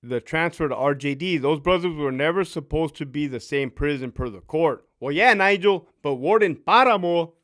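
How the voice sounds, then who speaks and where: A man's voice: a little high, moderate pace, few pauses. A man in his fifties, a former prison officer, telling profane stories with lots of laughter on a casual live stream. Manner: profane, laughing, animated storyteller.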